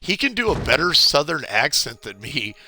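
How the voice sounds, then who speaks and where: A man's voice: a little high, sing-song, normal speed, bright, forceful tone, soft background music. A man from California chatting casually with viewers while playing through a game walkthrough on a live stream. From California, USA. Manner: chatty, rambling, greets viewers. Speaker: gameplay streamer.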